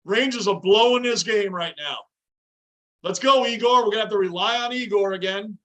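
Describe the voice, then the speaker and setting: A man hosting a livestream from his home basement, reacting to a hockey game and greeting viewers in chat, often yelling at the play. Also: high-pitched, moderate pace. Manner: excitable, yells at the game. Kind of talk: live game reaction with chat shout-outs.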